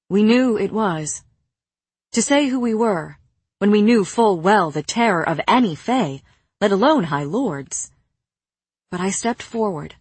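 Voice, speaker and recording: Slow, breathy woman narrating a story. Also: medium pitch, no echo. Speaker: audiobook narrator. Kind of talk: audiobook narration.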